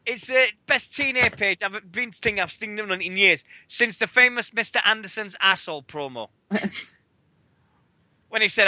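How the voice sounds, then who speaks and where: It's a radio show clip of a British man ranting about wrestling, fast and excitable, his voice high and piercingly bright. The talk is loose and laced with swearing, recorded close with no echo or room sound.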